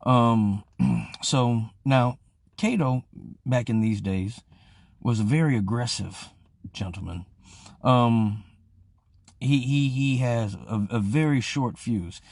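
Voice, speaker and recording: A man's voice: mid-range voice, takes it slowly, creaky, pauses often, no room sound. A young man hosting a live stream, telling a profane story, acting out each voice and greeting viewers along the way. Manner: profane, animated, acts out the voices. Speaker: host of a live-streamed show. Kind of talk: casual storytelling.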